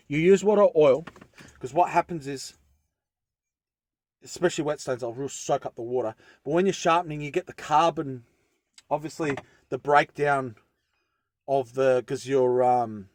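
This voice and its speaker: Easygoing bloke, mid-pitched voice, rambling tutorial chat, dry close sound. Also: male voice, dry recording. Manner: rambling, self-interrupting, easygoing. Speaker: bushcraft vlogger.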